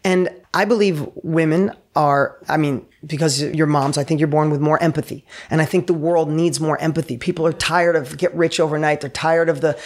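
A man speaking as an entrepreneur guest on a podcast, an energetic storyteller who acts out the quotes in his stories. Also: on the high side, brisk, few pauses. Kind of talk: enthusiastic podcast interview.

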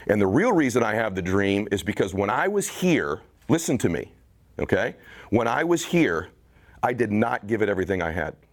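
A man's voice: fairly low pitch, sing-song, normal speed. Intense American man in his forties, fired up. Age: 40s. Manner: intense, building to emphatic urging. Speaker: motivational speaker. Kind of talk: motivational speech to a team.

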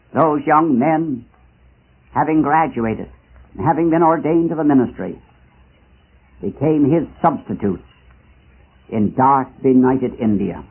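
A man delivers a fervent missionary sermon, his voice a little higher than most and husky at the edges. He drives home rhetorical questions and slows down for emphatic pauses. The sound is thin and narrow, like an old archival recording. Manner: impassioned, dramatic, with rising rhetorical questions and slow emphatic pauses. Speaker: preacher.

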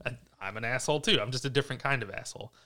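A man's voice: mid-range voice, racing, bright, forceful tone. A man hosting a casual podcast chat, talking in a snarky, profane, rambling way with frequent restarts. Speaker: podcast host.

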